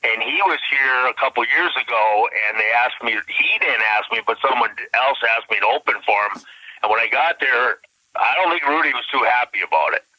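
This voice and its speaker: A man's voice: medium pitch, brisk, pushed and bright, no echo. A man with a strong Minnesota accent, a comedian guest telling folksy, blunt stories on a phone call. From Minnesota Iron Range. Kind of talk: casual storytelling on a phone call. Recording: phone line.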